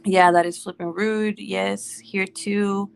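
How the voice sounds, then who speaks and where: A woman in her thirties chatting casually to camera, telling an animated story full of quoted voices. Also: mid-range voice, slow pace, vocal fry, slight background noise. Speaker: vlogger. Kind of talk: casual chat.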